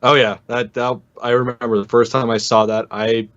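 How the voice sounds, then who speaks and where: A man's voice: mid-range voice, little pitch movement, moderate pace, fairly bright tone, highs cut off. A man co-hosting a casual fan podcast, enthusiastic and profane. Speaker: podcast co-host.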